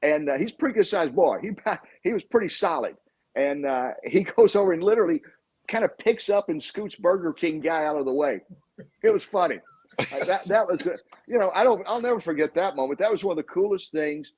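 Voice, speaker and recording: A sportscaster being interviewed, telling rambling anecdotes full of fillers. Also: male voice, on the high side, lively intonation, brisk, a little mellow, slightly rough. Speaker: sportscaster guest. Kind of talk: casual interview storytelling. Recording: dull lo-fi recording.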